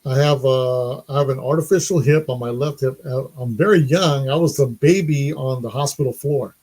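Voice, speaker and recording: A man's voice: medium pitch, normal speed, a little mellow. Middle-aged man, live stream host, easygoing chatter with frequent laughs. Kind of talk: casual live stream chat.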